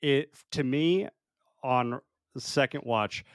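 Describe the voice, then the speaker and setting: A man's voice: medium pitch, takes it slowly, smooth, no echo, clean studio sound. Laughing young man podcast co-host. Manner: laughs often, loose and joking. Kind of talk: casual movie review chat.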